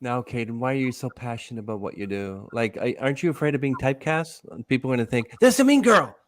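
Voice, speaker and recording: A man's voice: medium pitch, steady tone, fast talker. A man hosting a podcast, asking long, rambling interview questions that often restart. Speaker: podcast host.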